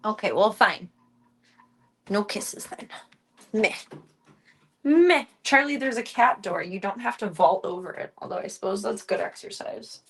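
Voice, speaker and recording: A young woman chatting on a live stream while she looks after her pet cats, now and then slipping into high baby talk with them. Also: normal speed, creaky, breathy edge. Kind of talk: casual live-stream chat.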